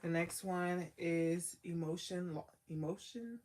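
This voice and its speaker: A woman's voice: on the low side, slow pace, a little mellow, a little hiss or hum. A woman giving a casual tarot card reading as the reader, talking in a loose, slangy way full of "like" and trailing thoughts.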